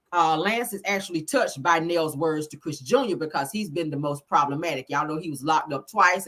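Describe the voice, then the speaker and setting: A woman talks through a show episode in a casual live recap, stopping often to check in with the people watching. Her voice sits a little low but comes across bright and forceful. She tells it like a story to friends. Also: slightly rough. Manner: chatty storytelling, checks in with listeners.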